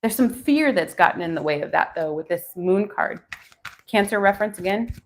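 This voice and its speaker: During a live tarot reading, a woman in her forties talks to viewers and thinks out loud as she pulls cards. She sounds expressive and brisk, with a medium pitch.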